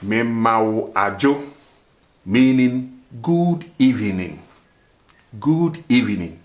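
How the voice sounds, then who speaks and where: A man's voice: medium pitch, expressive, slow. A man, hosting a language lesson. He repeats phrases and keeps asking rhetorical "what?" questions before he gives the answer. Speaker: language teacher, show host. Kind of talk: language lesson, slow and repetitive.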